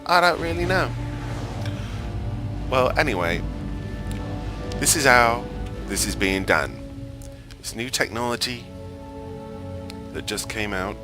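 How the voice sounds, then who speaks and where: Cheery cockney bloke, a guy putting it on, high pitched and loud, music playing under. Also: lively intonation, slow pace, long pauses. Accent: put-on Cockney. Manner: upbeat, welcoming. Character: cheery chatty man greeting visitors.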